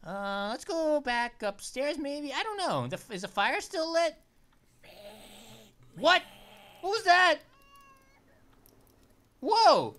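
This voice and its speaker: A woman's voice: high voice, takes it slowly, pauses often. A woman hosting a let's play, chatting casually and jumping at every scare. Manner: excitable and easily startled, chatty. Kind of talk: casual gameplay commentary.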